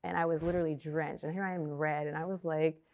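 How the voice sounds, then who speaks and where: Woman, young adult, low pitch, gravelly fry, emotional, halting, personal testimony. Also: flat delivery, darkish tone. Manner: emotional, halting, repeats herself. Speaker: testimony speaker.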